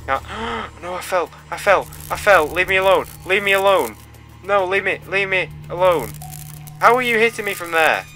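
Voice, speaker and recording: A man's voice: high voice, moderate pace, soft background music. A young man giving let's play commentary, yelping and pleading with the game as he plays. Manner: excitable, yelps and pleads at the game. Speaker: gaming channel host.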